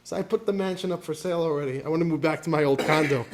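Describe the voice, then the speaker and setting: Man doing an elderly mother, homey, fussy complaining, told as a classroom story, slightly high voice. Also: very fast, natural voice. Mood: fond complaint. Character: elderly mother writing to her sons, plainspoken.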